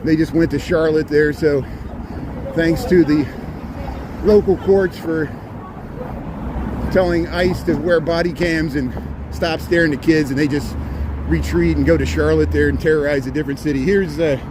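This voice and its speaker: A man's voice: a little high, fairly even intonation, moderate pace. Chatty man live-streaming on busy city streets. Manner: chatty, greets viewers by name, repeats himself. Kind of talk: casual live-stream narration while walking. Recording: loud street traffic noise.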